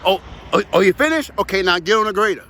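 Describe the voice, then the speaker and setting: Talking fast with lively intonation, this heavy equipment operator has a high, somewhat bright voice. He tells casual, profane, wandering stories about his job to the camera, outdoors with traffic nearby.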